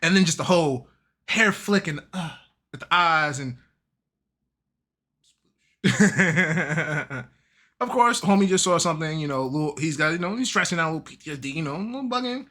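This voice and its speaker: A man hosting a casual manga and game recap, talking in an animated, slangy way and laughing often. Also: a little high, normal speed, long pauses. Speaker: YouTube host.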